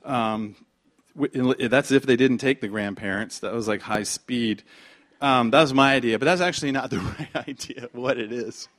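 Speaking at normal speed in a medium-pitched voice, this pastor preaches in a conversational style. He leans on repetition and rhetorical questions, dropping to quiet asides before rising to shouted emphasis.

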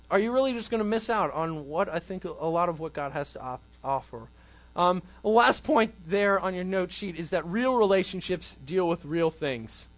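High-voiced man giving a casual sermon. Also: a bit bright. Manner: conversational, frequent ums, rhetorical questions. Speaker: youth group speaker.

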